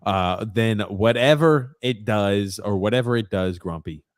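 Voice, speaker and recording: A man's voice: fairly low pitch, a little slow, no echo, studio quality. A man co-hosting a casual podcast, reading out live viewer comments in a rambling way with many fillers. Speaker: podcast co-host.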